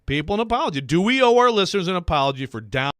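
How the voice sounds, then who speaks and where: A man hosting a sports talk radio show, rambling and self-deprecating, quick to laugh. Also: sits high, big pitch swings, a bit bright, clean tone, no room sound, studio quality.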